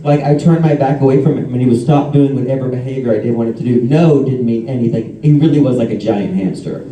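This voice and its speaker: A man's voice: medium pitch, fast talker, mellow. A man on a convention panel, telling chatty anecdotes and laughing between stories. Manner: chatty storyteller, laughs mid-story. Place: convention hall. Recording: roomy hall audio from a distance.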